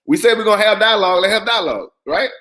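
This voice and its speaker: A man's voice: sits high, animated, racing, pushed and bright. A man hosting a heated debate, repeating himself and insisting on being heard. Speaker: host.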